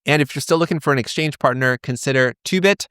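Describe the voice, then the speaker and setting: A man's voice: mid-range voice, fast talker, fairly bright tone, clean tone, no room sound, clean studio sound. A man hosting a crypto trading channel, talking casually through charts with rambling, self-deprecating, joking asides. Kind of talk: casual chart-analysis vlog.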